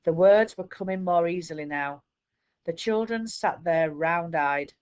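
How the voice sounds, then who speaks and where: A woman teacher reading a children's book aloud in a steady storytelling manner. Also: fairly low pitch, measured pace, clear, resonant tone, highs cut off.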